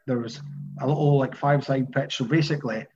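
A man's voice: medium pitch, steady tone, brisk, darkish tone. Opinionated Scottish man on a dull line. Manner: opinionated, emphatic. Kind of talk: casual podcast chat. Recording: dull lo-fi sound.

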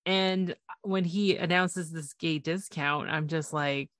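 A woman co-hosting a casual chat, relaxed and amused, laughing along as she shares her reactions. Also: low-pitched, takes it slowly, no room sound, studio quality. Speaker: podcast co-host.

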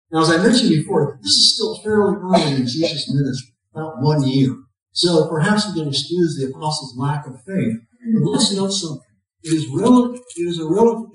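A man preaching a sermon, telling stories with folksy, self-mocking humor and pushing up his voice on the punch lines. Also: on the high side. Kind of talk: sermon with storytelling. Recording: very echoey, from a distant mic.

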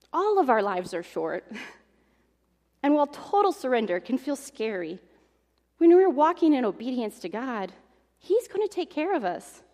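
A woman's voice: a little high, a little mellow. A young adult woman preaching a sermon, earnest and at times emotional, partly reading aloud from an article. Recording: long hall reverb.

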